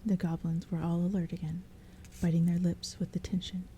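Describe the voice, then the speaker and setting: A woman reading a novel aloud as a soft-spoken bedtime story, in a soft, breathy half-whisper. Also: on the low side, flat delivery, brisk, a little hiss or hum, rough recording. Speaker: audiobook reader. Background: soft rain and thunder.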